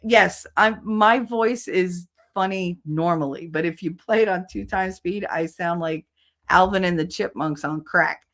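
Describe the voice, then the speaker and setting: Animated woman chatting on a livestream. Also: on the low side, a little slow. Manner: animated, switches voices and laughs easily. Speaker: livestream co-host. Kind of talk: casual livestream chat.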